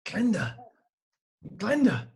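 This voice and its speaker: Man doing a blunt, bossy bumbling detective, mid-pitched voice. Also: moderate pace, natural voice. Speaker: improv performer. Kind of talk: live improv comedy.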